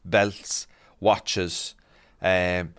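A man's voice: low voice, very slow, clean tone. A man in casual podcast chat, telling slangy anecdotes. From Ireland. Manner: animated storyteller, slangy. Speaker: podcast host.

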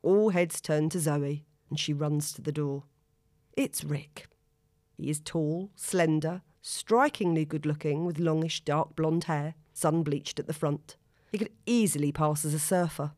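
A woman narrating a story in a steady, expressive reading. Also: sits low, a little slow, no echo, studio quality. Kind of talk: audiobook narration.

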